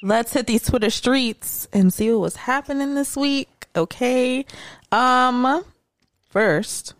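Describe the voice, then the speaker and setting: A woman hosting a casual podcast chat, laid-back and quick to murmur agreement. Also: a little high, dry recording. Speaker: podcast host.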